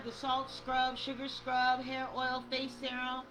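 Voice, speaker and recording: A woman's voice: sits high, level tone, unhurried, hardly any pauses, music in the background, poor audio. A woman giving a casual monthly tarot reading to her viewers, chatty and direct, calling them y'all and reading the card texts aloud. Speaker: tarot reader and spiritual coach. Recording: faint outdoor yard noise behind.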